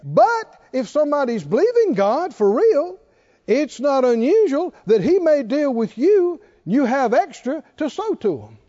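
A man with a strikingly high, mellow voice preaches a sermon in slow, drawn-out phrases. He presses his points with repeated rhetorical questions, and his pitch swings widely. The recording sounds dull and lo-fi. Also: very animated.

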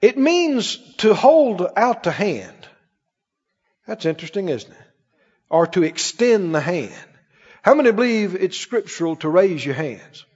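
Animated preaching man, high lively voice. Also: unhurried, breathy edge. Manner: emphatic, animated preaching with exclamations. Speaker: pastor. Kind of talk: sermon. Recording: dull recording with long hall reverb.

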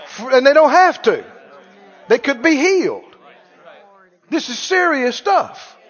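High-voiced, animated male preacher. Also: takes it slowly. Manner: animated, emphatic, repeats key lines. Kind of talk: sermon. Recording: long church reverb, dull lo-fi sound.

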